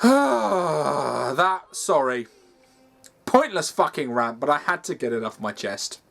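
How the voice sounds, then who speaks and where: A man's voice: mid-range voice, expressive, moderate pace, fairly bright tone, soft background music. A man ranting in a sweary, exasperated way as he reviews a game over gameplay, from his games room at home. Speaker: gaming video host.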